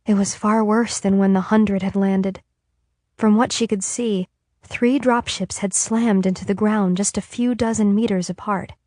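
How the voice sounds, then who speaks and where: A female audiobook narrator reads in a calm, even way. Her voice sits at an ordinary female pitch. The recording is dry and close. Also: a little slow, dry recording. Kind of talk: scripted narration.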